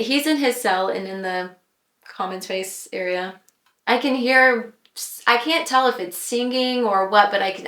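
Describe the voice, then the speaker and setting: A woman guest on a podcast, sharing a personal faith testimony in an earnest, reflective way, with pauses and fillers. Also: mid-range voice, fairly bright tone. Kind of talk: personal testimony in casual chat. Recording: roomy echo.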